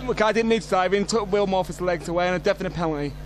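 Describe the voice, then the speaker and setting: A man giving co-commentary at a football match, offering quick opinions and hesitating with "um". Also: sits high. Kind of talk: match analysis on club radio. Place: outdoor football stadium.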